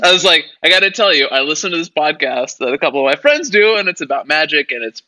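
A man's voice: a little high, sing-song, fast talker, bright, forceful tone. A man guest on a podcast, telling a story animatedly with laughter, a bit away from the mic. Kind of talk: casual storytelling.

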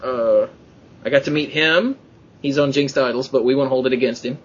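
An excitable man hosts a casual podcast chat, his voice husky and a little breathy. He tells rambling stories and acts out the quotes in a climbing voice. The audio is muffled and lo-fi. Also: mid-range voice, moderate pace. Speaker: podcast host.

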